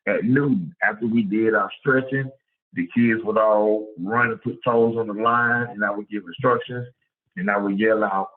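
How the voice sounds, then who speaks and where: A man who coaches high school football, giving a lively, conversational clinic talk and repeating words as he goes. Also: normal speed. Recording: tinny phone-like sound.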